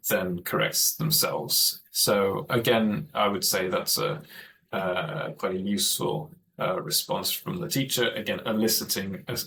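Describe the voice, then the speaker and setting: A man's voice: fairly low pitch, creaky, pushed and bright, low-quality recording. A man giving an online training presentation for teachers, explaining methods in a thoughtful way and often correcting himself mid-sentence.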